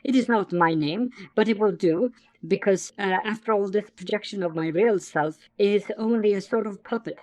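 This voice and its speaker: A man's voice: sits high, moderate pace, few pauses, darkish tone, no room sound, voice pushed up, lightly acted. A man voicing a small, polite male alien visitor who speaks in a stiff, overly formal way.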